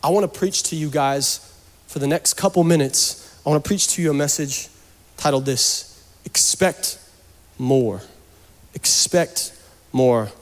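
A man's voice: on the high side, unhurried, pauses often. A man preaching a sermon as pastor, joking and conversational, then rising to fervent urging. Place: church. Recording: long reverb from a church hall.

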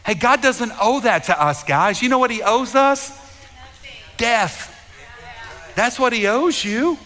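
A man's voice: extremely high pitch, expressive, takes it slowly, sharp tone. A man preaching a sermon to his congregation, fervent and repetitive, often doubling his words and speaking straight to the listeners. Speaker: pastor. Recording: long reverb of a large hall.

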